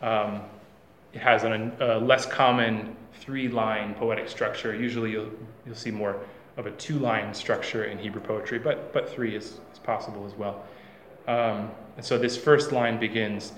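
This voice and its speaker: A man giving a classroom lecture, halting, with many fillers and restarts. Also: on the low side, flat delivery, a bit bright, echoey room, a little hiss or hum.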